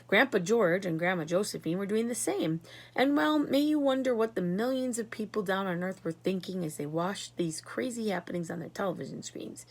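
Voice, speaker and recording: A woman reads a children's chapter book aloud. Her voice sits in a middle pitch, and her delivery is expressive. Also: moderate pace. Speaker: reader.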